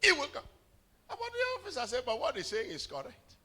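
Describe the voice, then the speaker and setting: Lively shouting preacher man. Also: very high-pitched, fairly quick, husky. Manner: storytelling preacher, rising to shouts, stammered repeats. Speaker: pastor. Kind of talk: sermon. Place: church hall.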